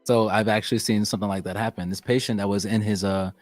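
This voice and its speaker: A young man as a podcast guest, chatting casually and telling animated, profane stories. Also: on the low side, quick pace, dry recording, soft background music. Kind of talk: casual chat.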